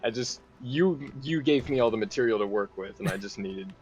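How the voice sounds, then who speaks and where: A man with a mid-pitched, slightly nasal voice chatting casually over a game stream. He swears freely and keeps saying "like." Faint music plays quietly behind him. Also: lively intonation, a little fast, highs cut off. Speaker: streamer and co-host. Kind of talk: casual chat while gaming.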